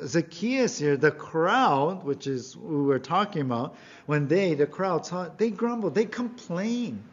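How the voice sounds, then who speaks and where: A man's voice: sits high, lo-fi sound. A man preaching a sermon as pastor, earnest and emphatic, often asking his listeners questions.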